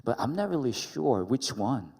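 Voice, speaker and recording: A man's voice: mid-range voice, big pitch swings, normal speed, gravelly, darkish tone, slightly rough, pitched above the performer's own voice, heavily acted. A man doing a hesitant young woman. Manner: hesitant, confiding. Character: young woman unsure whom to marry. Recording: reverberant worship hall.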